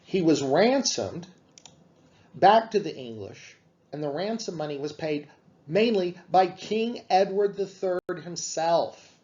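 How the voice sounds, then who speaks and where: A man giving a classroom lecture on literature, explaining slowly with frequent fillers. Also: sits high, animated, warm tone, highs cut off.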